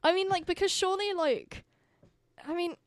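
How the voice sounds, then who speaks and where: A woman hosts a podcast in an extremely high-pitched voice at a moderate pace, recorded with clean studio sound and no echo. The talk is casual chat, rambling and packed with fillers.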